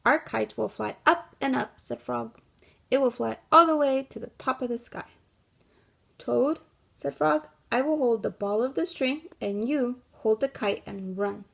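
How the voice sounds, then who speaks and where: Woman teacher, slightly high voice with some gravel, reads a story to kids and talks it through patiently. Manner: gentle, guiding, thinks aloud with pauses. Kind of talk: classroom read-aloud and lesson.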